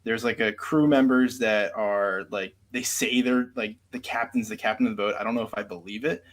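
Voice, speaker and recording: A man's voice: on the low side, steady tone, moderate pace. A man, a podcast guest, chatting casually about a reality show, rambling with lots of fillers and restarts. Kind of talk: casual chat.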